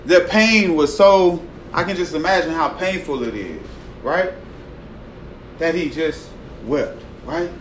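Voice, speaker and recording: A man preaching a sermon in a conversational way, often tagging his points with "right?" and swinging from loud emphasis to a hushed voice. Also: fairly high pitch, lively intonation, slow pace, a little hiss or hum, poor audio. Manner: conversational, tags lines with "right?".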